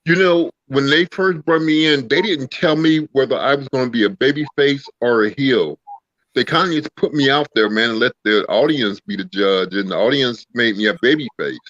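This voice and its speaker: A relaxed man in his fifties, a guest, telling stories in an easygoing drawl. He keeps calling the host "brother" and "man." His voice comes through a dull, lo-fi line with a dry, close sound. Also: mid-range voice, normal speed, no room sound. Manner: laid-back, drawling, calls people "brother" and "man". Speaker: guest, former pro wrestler. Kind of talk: casual storytelling interview.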